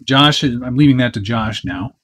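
A man's voice: medium pitch, moderate pace, fairly bright tone, husky. A man hosting a live stream, casually chatting and answering viewer questions while working on a model truck with his hands. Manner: chatty and easygoing, with frequent fillers and self-interrupting asides. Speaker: host of a live build stream.

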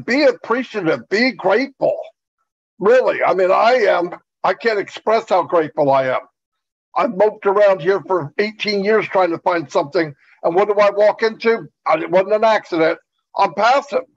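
A man's voice: sits high, moderate pace. A man giving an earnest, repetitive pep talk as a webinar presenter over an online video call. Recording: dull lo-fi call audio.

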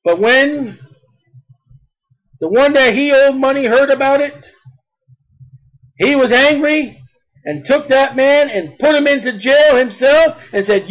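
A man preaching a fiery sermon, emphatic and repetitive, rising to shouts at his peaks. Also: very high voice, low-quality recording.

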